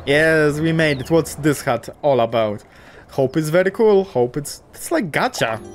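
A young man casually commentating a cute game, gushing, swearing lightly and talking to the characters, often jumping up into excited squeals. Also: on the high side, a little slow, faint music behind. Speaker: gaming YouTuber.

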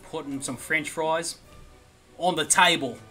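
A man's voice: a little high, a little slow, sharp tone, faint music behind, pitched above the performer's own voice. A man putting on an Australian accent, playing a cheery, drawling Australian bloke. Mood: jolly. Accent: put-on Australian.

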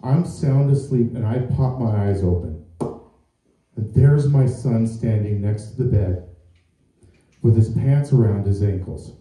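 Stand-up comic in a roomy club. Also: male voice, on the low side, a little slow, warm tone. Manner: storytelling with acted-out quotes, asks crowd questions. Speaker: stand-up comedian. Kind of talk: stand-up comedy set. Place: comedy club stage. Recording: roomy and far from the mic.

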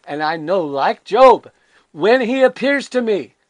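A man's voice: sits high, measured pace, dry recording. Emphatic older male preacher, dry sound. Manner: emphatic and animated, with frequent rhetorical questions; candid and self-deprecating. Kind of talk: conversational devotional sermon.

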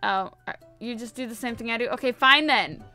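A woman's voice: a little high, brisk, pushed and bright, soft background music. A woman giving casual, playful let's-play commentary, chatting to her viewers and repeating herself often. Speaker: gaming video host.

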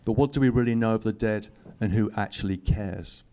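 A middle-aged author reads aloud at a public talk in a lecture hall, commenting to the audience with dry wit and teasing asides. His voice is lowish, dark, clear, and resonant, and he speaks a little fast.

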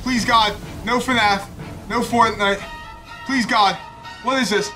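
A young man talking fast as a YouTuber in an excited reaction video. He rambles nervously, swears often and sounds hyped. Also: high-pitched, soft background music. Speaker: YouTuber reacting to a game trailer.

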